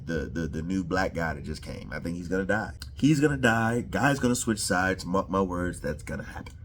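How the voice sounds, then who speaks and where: A man giving a casual, animated, profane reaction to a show episode and often repeating himself. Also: low voice, slight background noise. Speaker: show reviewer.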